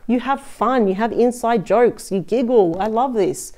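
A woman's voice: fairly high pitch, a little slow, dark tone. A woman giving a casual tarot reading to the camera, chatty and thinking aloud as she turns cards. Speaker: tarot reader.

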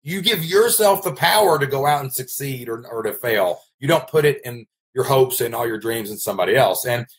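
Brisk and animated with few pauses, a medium-pitched man with a Kentucky accent hosts a relaxed vlog. He's an online business coach from Kentucky, United States, speaking emphatically in a folksy manner and repeating himself often.

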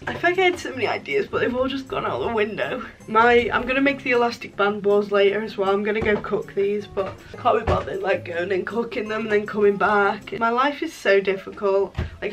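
A young woman chatting through a casual crafting vlog. She talks in a mid-pitched voice, loose and joking, and keeps tossing in self-mocking asides. Her tone stays relaxed and conversational. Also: low-quality recording. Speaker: crafting vlogger.

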